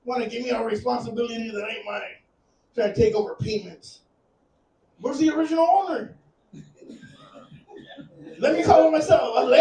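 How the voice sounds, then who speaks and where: A man in his thirties with a very high voice does a crude, rambling stand-up set. He is out of breath and laughs at his own jokes. He sounds roomy and distant in a club, with a faint hum of ambience behind him. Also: fairly quick, long pauses, dark tone. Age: 30s. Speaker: stand-up comic. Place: comedy club stage.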